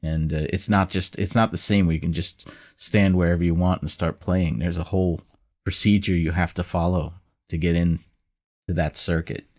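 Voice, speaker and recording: A man hosting a casual interview, speaking in a relaxed, somewhat hesitant way. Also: sits low, moderate pace. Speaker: podcast host.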